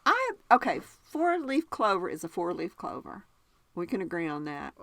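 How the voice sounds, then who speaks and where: A woman's voice: lowish voice, sing-song, moderate pace, creaky, fairly bright tone, no echo. Chatty Southern woman podcast host. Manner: chatty, laughs often, asks her cohost questions. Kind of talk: casual chat.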